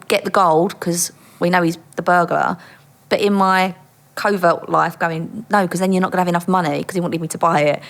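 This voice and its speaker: Lively woman telling a story. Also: fairly low pitch. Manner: lively, acts out quoted voices, laughs often. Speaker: guest, former undercover police officer. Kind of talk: animated anecdote telling.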